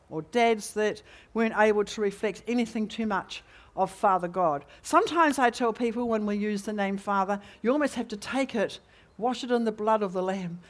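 A middle-aged woman preaching in a church meeting, telling a personal story with lively rhetorical questions to the congregation. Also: medium pitch, normal speed. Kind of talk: sermon testimony.

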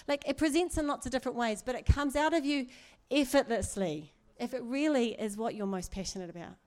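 A woman's voice: a little high, a little fast, few pauses, darkish tone. A middle-aged woman preaching in a chatty, earnest way, with asides and laughs. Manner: conversational, earnest, laughs often, many asides. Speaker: church speaker. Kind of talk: sermon.

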